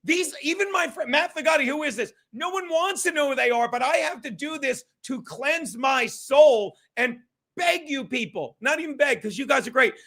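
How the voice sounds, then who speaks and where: A man's voice: very high-pitched, animated, normal speed, pushed and bright. A man hosting a podcast, ranting in a profane, mocking, gloating way. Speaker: podcast host. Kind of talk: ranting commentary.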